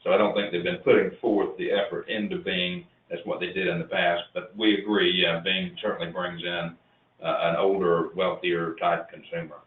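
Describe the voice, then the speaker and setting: A very deep-voiced man answers a consultant's questions, hedging a little as he talks. His voice arrives over a thin, phone-like line. It sounds roomy and echoey, with a faint hiss underneath. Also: little pitch movement, moderate pace, distant mic. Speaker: real estate business client. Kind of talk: business consultation call.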